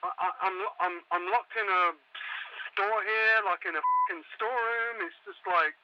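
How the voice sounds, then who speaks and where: A man's voice: high voice, huge pitch swings, moderate pace, clear, resonant tone. An actor playing a panicked male tourist, stammering and swearing as he calls into a radio show. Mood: shaken. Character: panicked British male tourist trapped in a mall. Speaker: caller. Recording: muffled phone line over radio.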